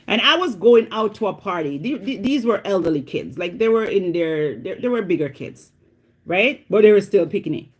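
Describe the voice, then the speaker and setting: A woman's voice: medium pitch, moderate pace, breathy edge. A middle-aged woman from Jamaica with a Jamaican accent, vlogging in a casual, dramatic storytelling chat. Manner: animated, dramatic, exclamatory storytelling.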